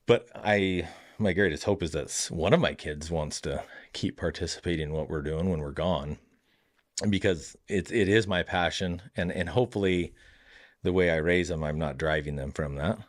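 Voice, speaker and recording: Low-voiced male farm owner, earnest and reflective guest, halting delivery. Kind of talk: casual interview chat.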